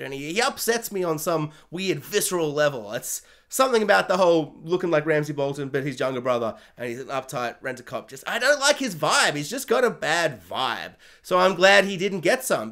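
A man's voice: on the high side, fairly bright tone. A man giving a casual, rambling TV review, joking and correcting himself as he goes. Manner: rambling, jokey, self-correcting, puts on silly voices for characters. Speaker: show reviewer.

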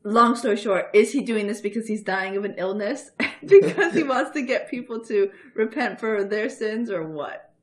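A young woman playing a tabletop game, chatty and quick to laugh. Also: mid-range voice, lively intonation. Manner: giggly, chatty. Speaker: player.

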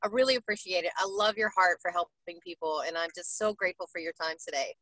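A woman's voice: lowish voice, quick pace, bright, forceful tone, dry recording, low-quality recording. A woman hosting a casual interview, gushing and enthusiastic, often tagging her points with "right?". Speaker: interviewer and host.

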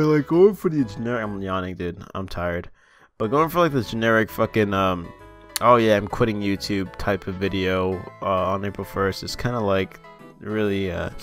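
A man's voice: fairly low pitch, a bit bright. A young man ranting sarcastically and profanely in a casual vlog, mocking his audience. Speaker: YouTuber.

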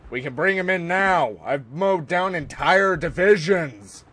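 An American man giving casual joking commentary over a war strategy game, talking to his soldiers and sometimes yelling at them. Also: high voice, a little slow. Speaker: gameplay commentator. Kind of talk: casual let's-play commentary.

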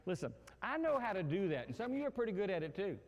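A male pastor preaching a sermon in an animated, humorous way, acting out everyday scenes. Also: high voice, fast talker, big-room sound. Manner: animated, acts out quarrels and phone calls with humor.

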